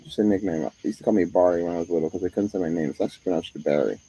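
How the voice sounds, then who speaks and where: A man's voice: deep voice, racing, warm tone, a little hiss or hum, poor audio. A man streaming live, talking in a profane monologue that jumps from one topic to the next.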